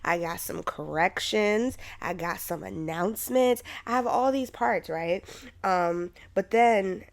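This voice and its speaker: A young woman hosts her own podcast at an unhurried pace, her medium-pitched voice still rough from covid she's recovering from. She talks in a loose, chatty style and swears casually.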